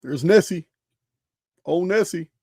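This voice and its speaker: A man's voice: high voice, lively intonation, takes it slowly, a little mellow, dry recording, studio quality. A man hosting a show, talking casually over slides, emphatic and full of rhetorical questions, often restarting his phrases. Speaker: host presenting slides.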